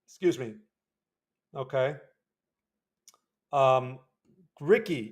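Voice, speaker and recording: A man hosting a livestream of market chart analysis in a casual way, often tagging his sentences with a quick question to his viewers. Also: fairly high pitch. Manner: casual, frequent tag questions.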